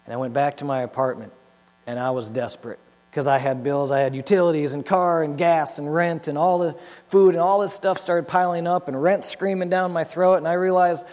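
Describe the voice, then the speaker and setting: A man giving a personal testimony, slightly higher-pitched than most men. He tells it with animated storytelling and acts out what he once said. His voice rings in a long hall reverb over a low mains hum. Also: a little fast. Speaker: speaker telling his life story.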